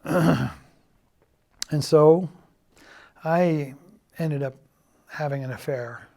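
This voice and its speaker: A middle-aged man giving a halting, earnest confessional testimony, often dropping to a quiet, subdued tone. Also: a little high, vocal fry. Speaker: church member giving a personal testimony.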